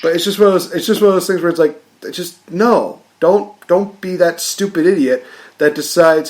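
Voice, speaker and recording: A man's voice: high-pitched, moderate pace, poor audio. A man hosting a podcast, ranting in a casual, jokey way. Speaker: podcast host.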